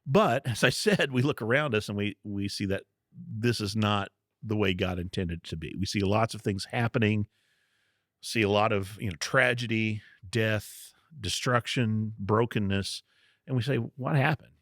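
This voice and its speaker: A man's voice: lowish voice, normal speed, fairly bright tone, dry recording, studio quality. Teacherly man explaining scripture. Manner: teacherly, laughs easily, explains step by step. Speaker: podcast co-host. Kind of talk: casual Bible teaching chat.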